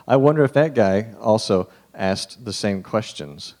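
A man preaching a conversational sermon to a live group. He talks to them directly and informally, and drops to a hushed voice to stress a point. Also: fairly low pitch, normal speed.

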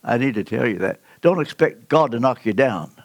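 Older male preacher, gravel in the voice, dry sound, storytelling delivery with big emphatic leaps. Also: medium pitch, lively intonation, normal speed, no room sound. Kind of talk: sermon.

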